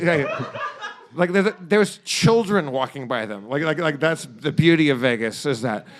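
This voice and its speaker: A man's voice: fairly high pitch, expressive, a little slow. A man co-hosting a podcast, telling a rambling comic story full of restarts and swearing. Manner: rambling, profane, stammering restarts. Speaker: podcast co-host. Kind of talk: casual comedic storytelling.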